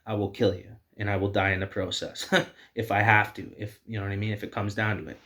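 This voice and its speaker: A man's voice: lowish voice, little pitch movement, a little fast, a bit bright. A man hosting a video, delivering heated, repetitive personal commentary. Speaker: video host.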